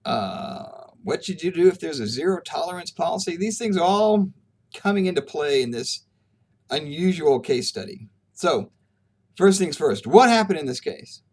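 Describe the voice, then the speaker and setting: A man's voice: on the high side, very animated, moderate pace, darkish tone. A man, an ethics professor, telling a true case study to his students in a conversational lecture, acting out the people's lines as he goes. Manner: conversational storytelling, acting out quoted exchanges.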